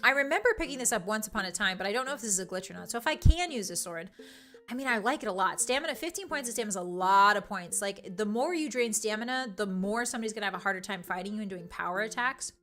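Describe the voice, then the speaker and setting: A woman's voice: medium pitch, expressive, fast, a bit bright, faint music behind. A young woman streaming live, chatting casually and reading her chat, playful, giggly and teasing. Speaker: virtual streamer.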